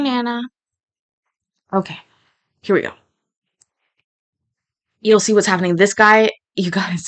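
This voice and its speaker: A woman hosting a casual reaction stream, laughing and swearing freely as she comments on clips. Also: lowish voice. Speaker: host reacting to court clips.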